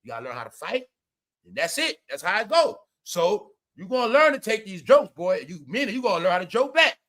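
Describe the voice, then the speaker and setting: A man hosting a livestream, talking loudly in rambling, profane commentary, often saying "y'all". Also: high voice, very animated, a little fast. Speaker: livestream host. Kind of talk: profane stream-of-talk commentary.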